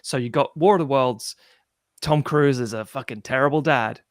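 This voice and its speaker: A man in casual film chat, animated, swearing freely and mimicking people as he tells a story. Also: mid-range voice, moderate pace, no room sound, clean studio sound. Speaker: podcast co-host.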